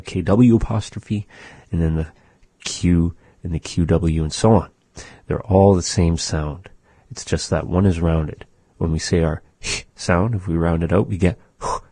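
A man with a very low, husky voice leads a language lesson at an unhurried pace, patiently sounding out each consonant. The sound is dry and close, with no room around it. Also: mellow, no room sound. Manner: slow, patient, demonstrates sounds. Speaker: language teacher.

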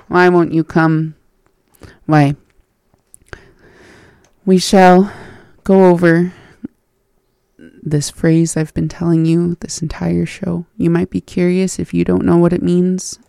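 A gravelly-voiced host teaches phrases at an unhurried pace, saying each one in parts before giving its meaning. The sound is close and dry, with no room around it. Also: medium pitch, little pitch movement, darkish tone, dry recording. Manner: repeats phrases slowly and breaks them into parts, then gives the meaning. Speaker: language lesson host. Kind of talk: teaching phrases by slow repetition.

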